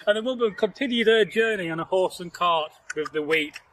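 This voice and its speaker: This man's high-pitched, slightly bright voice moves briskly as he hosts an outdoor folktale telling in nature. His style is rambling and jokey with frequent "you know" asides, and the rough recording carries slight background noise.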